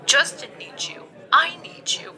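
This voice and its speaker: A woman's voice: a little slow, sharp tone. A woman voicing a supportive female friend on the phone, emphatic and encouraging.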